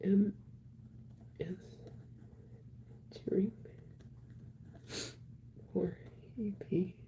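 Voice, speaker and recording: A woman casually chatting on a live stream, reading viewer comments aloud in a soft voice that often drops to a whisper. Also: lowish voice, unhurried, gravelly, narrow, tinny audio, slight background noise.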